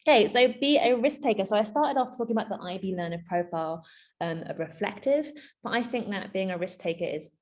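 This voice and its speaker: A woman giving a conversational keynote to teachers. She is chatty and animated, with frequent asides and fillers. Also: medium pitch, a little fast. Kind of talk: conversational presentation.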